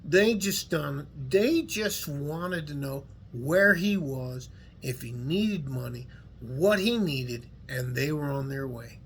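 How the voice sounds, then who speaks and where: A middle-aged man with a West Texas twang and a gravelly, somewhat high voice talks straight to his viewers. He rambles in an earnest, folksy way and curses freely. A faint hiss sits under the recording. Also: expressive, slow pace, a bit bright. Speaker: vlogger. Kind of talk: casual heartfelt monologue to viewers.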